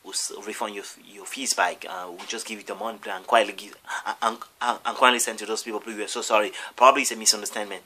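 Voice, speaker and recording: A man voicing nervous male school staff who plead in a low, hushed way. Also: fairly even intonation, fast talker, hardly any pauses.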